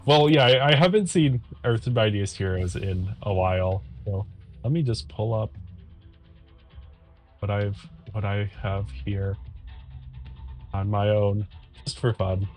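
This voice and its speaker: Low-voiced easygoing man. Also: slow, long pauses, faint music behind. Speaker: co-host. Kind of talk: casual chat.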